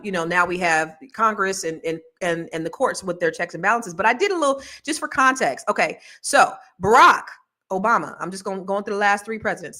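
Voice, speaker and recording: Lively, bright-voiced woman moderating a panel. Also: mid-range voice. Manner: chatty, colloquial, many restarts. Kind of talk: casual panel discussion.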